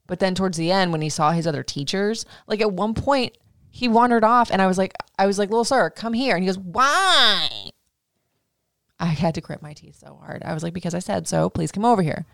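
A middle-aged woman hosting a casual chat, telling a story with swearing and lively acted-out quotes. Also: medium pitch, clear, resonant tone, no room sound, clean studio sound. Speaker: podcast host.

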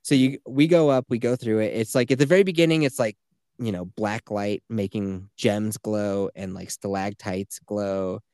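A man's voice: fairly low pitch, fairly even intonation, normal speed, darkish tone, clean tone, no room sound, studio quality. A man in his thirties, a podcast host, telling a story in casual chat, swearing freely and acting out the people he quotes.

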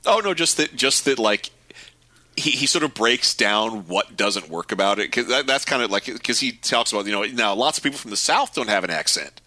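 A man co-hosting a podcast in casual chat, wry and quick, laughing between points. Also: on the low side, animated, sharp tone, no echo. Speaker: podcast co-host.

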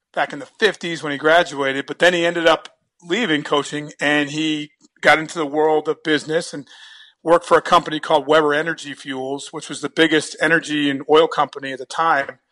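A man's voice: fairly high pitch, sharp tone. A man from New Jersey telling a story in a casual, chatty way, often repeating his first words and laughing as he goes.

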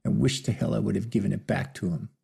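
A frail old outlaw on his deathbed, as a male narrator puts him on, croaking out his words through weak, tearful breaths. The voice is gravelly and dark, with a husky edge, like an audiobook character near the end. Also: on the low side, steady tone, fast talker, exaggerated voice. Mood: despairing.

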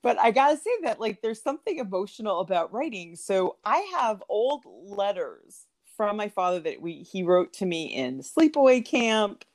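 A woman talking in a relaxed chat who tells stories with frequent laughter. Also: medium pitch, normal speed. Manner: animated storyteller, laughs often. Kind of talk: casual conversational chat.

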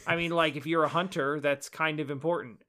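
A man chatting on a podcast, his voice a bit higher than most, halting and restarting as he goes. He tells things wryly, with a dry, joking edge. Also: fairly even intonation, bright, forceful tone. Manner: halting, restarts often, wry retellings. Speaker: podcast co-host. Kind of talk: casual chat.

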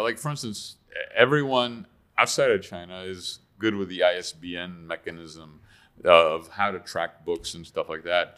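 Deep-voiced halting man. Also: fairly bright tone. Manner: halting, with frequent restarts and repeated words. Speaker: guest author. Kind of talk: casual conversation.

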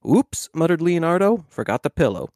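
A man co-hosting a podcast, reading a children's book aloud in a steady way, with the odd stumble. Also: on the high side, normal speed, no echo, clean studio sound. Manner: steady reading with small slips and restarts. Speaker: podcast co-host.

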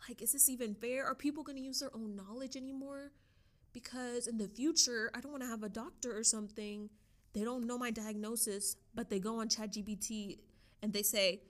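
A young woman hosting a podcast in a casual, chatty way, excitable and talking straight to her listeners. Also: fairly high pitch. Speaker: podcast host. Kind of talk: casual chat.

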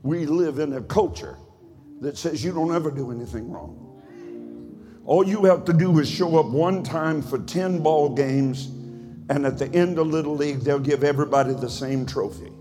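A male pastor preaching a sermon in a rhythmic, cadenced style that swells into shouts. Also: on the high side, normal speed, in a large hall, soft background music. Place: church sanctuary.

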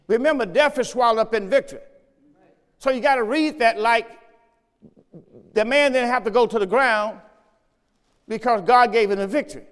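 High-voiced pastor preaching in a hall. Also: male voice, fairly quick, pauses often, a bit bright. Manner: call-and-response preaching, repeats phrases. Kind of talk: sermon. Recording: long church reverb.

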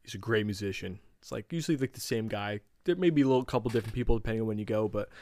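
Rambling low-voiced man, dry mic. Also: very fast, mellow, no echo. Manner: rambling, searching for words with many fillers. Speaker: podcast co-host. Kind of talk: casual food chat.

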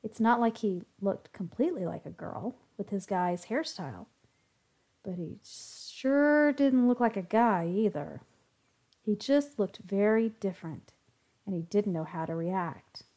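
A woman reads a story aloud as the narrator. Her voice is mid-pitched and steady, keeping an even pace. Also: unhurried. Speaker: story reader.

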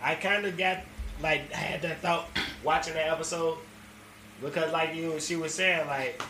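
A man with a bright, slightly high voice chats loosely on a podcast, laughing as he retells stories. The room adds a clear echo, with faint noise behind him. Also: fairly even intonation, a little slow. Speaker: podcast co-host. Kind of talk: casual podcast chat. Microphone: studio mic.

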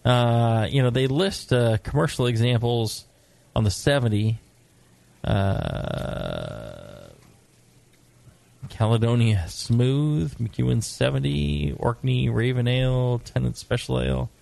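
A middle-aged American man co-hosting a casual brewing talk show, joking and lively, sometimes putting on gruff voices. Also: mid-range voice, slow pace, no echo. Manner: animated, joking, mock-gruff put-on voices. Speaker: podcast co-host, brewing expert. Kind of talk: casual chat.

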